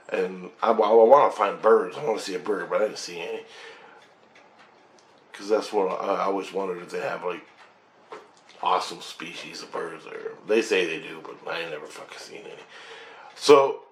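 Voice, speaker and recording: A man telling a personal spiritual story in a rambling, excited way, swearing often and restarting his sentences. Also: low-pitched, reverberant. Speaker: vlogger recounting a spiritual experience.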